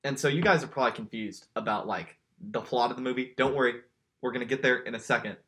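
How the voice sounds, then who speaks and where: A man's voice: medium pitch, quick pace, a bit bright. Jokey man who stumbles and repeats himself. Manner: jokey, laughs often, stumbles into repeated words. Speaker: podcast co-host. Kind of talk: casual chat.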